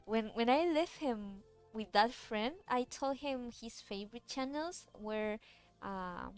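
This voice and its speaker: A woman's voice: a little high, lively intonation, slow pace, clean tone, faint music behind. A woman chatting casually while she draws, rambling with many fillers and restarts. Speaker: VTuber artist streaming a drawing session. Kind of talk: casual chat while drawing.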